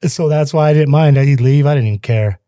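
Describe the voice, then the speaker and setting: Loose-talking man guest, mellow, dry. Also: on the high side, fairly quick, clean tone, no room sound. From Salt Lake City, Utah. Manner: animated, loose, leans on "you know what I mean". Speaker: podcast guest. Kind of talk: casual storytelling conversation.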